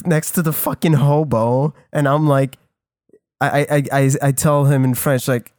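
A man's voice: on the high side, fairly even intonation, normal speed, darkish tone, dry recording. A man tells a story at length, tripping over his words, restarting mid-sentence and dropping swear words. His voice sits close to the mic in a dry, dead room. The tone is loose podcast chatter. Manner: rambling with frequent restarts and swearing. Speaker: podcast co-host. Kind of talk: casual storytelling.

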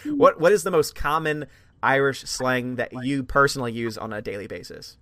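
A man's voice: medium pitch, animated, moderate pace, a bit bright, no echo. An American man hosting a live stream, rambling and apologetic in casual chat. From United States. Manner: apologetic, rambling, self-deprecating. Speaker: streamer host.

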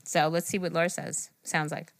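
A woman's voice: deep voice, level tone, moderate pace. A woman co-hosting a podcast, playful and laughing as she imitates words. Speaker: podcast co-host. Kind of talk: casual chat.

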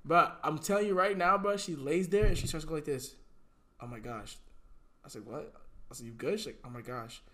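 A man's voice: fairly high pitch, animated, quick pace, a bit bright. A young man, a podcast guest, telling a story in casual slang, keeps saying "bro" and breaks into laughing fits.

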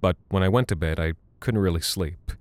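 A man giving a measured, somber first-person scripted horror narration. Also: sits low, dry recording. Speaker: narrator and voice actor.

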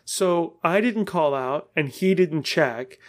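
A man's voice: fairly high pitch, animated, slow. A man in his forties hosting a podcast, telling a story in a loose, rambling way with frequent swearing and laughter. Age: 40s. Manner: rambling, profane, laughing often. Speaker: podcast host. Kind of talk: casual storytelling.

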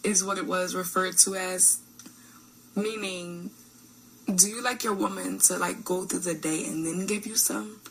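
A woman's voice: on the low side, fairly even intonation, measured pace, fairly bright tone, a little hiss or hum, low-quality recording. A woman in a recorded clip, asking a question in a playful, teasing way.

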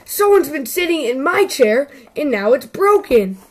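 Storybook baby bear, small and plaintive, high and slow; voiced by a woman. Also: very animated. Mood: upset.

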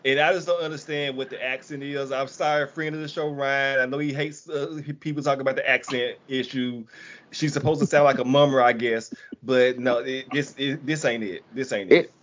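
A man speaks in an easy, halting way on a podcast. His voice sits in a middle pitch, and the sound is a little dull. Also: steady tone, a little hiss or hum. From Alabama. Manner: laid-back, hesitant, restarts often. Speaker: podcast co-host. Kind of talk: casual chat. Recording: slightly muffled audio.

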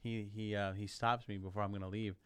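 Brief: male podcast host, playful storyteller, smooth clear voice, dry close mic. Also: fairly low pitch, fairly quick, no room sound. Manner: loud, joking, swears freely, animated storyteller. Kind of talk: casual podcast chat.

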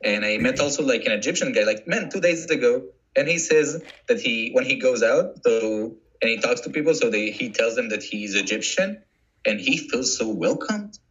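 A man from Israel speaking English as a guest, in a halting way with many restarts. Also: medium pitch, animated, a bit bright, muffled recording. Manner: halting, restarts often, non-native English. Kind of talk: casual interview talk.

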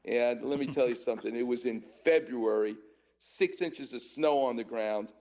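A man in his sixties hosting a call-in radio show as a doctor, an animated storyteller who laughs often. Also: medium pitch, moderate pace.

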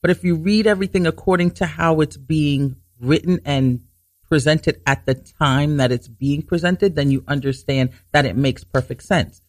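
A man hosting a Bible teaching talk show, explaining scripture earnestly, restarting sentences to stress his points and reading verses slowly. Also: a little high, steady tone, no echo, studio quality. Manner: reads scripture slowly and deliberately.

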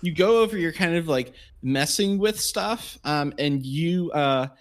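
A man's voice: fairly high pitch, animated, measured pace. A man narrating as game master of a tabletop role-play game, rambling with many fillers.

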